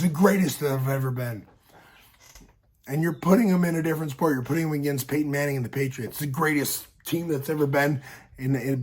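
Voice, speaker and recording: A man with a slightly high, breathy voice rambles through reaction commentary on a fight, chatting casually with his viewers. He restarts often, repeats words, and gets worked up.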